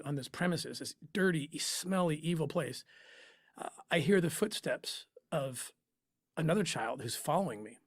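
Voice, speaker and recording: A man in an interview, telling a personal story in an emotional, halting way with pauses and restarts. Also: on the high side, dry recording, studio quality. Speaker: interview guest, former undercover operative.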